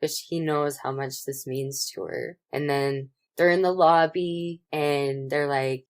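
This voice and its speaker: Low-voiced woman recapping a film casually. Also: a little slow, few pauses. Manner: animated retelling, swears freely. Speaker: podcast co-host.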